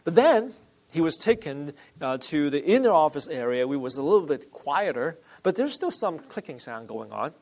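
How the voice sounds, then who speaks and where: A male pastor preaching a sermon in a somewhat high voice. He speaks emphatically and deliberately, and he repeats phrases for weight. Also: very animated, a little mellow, poor audio.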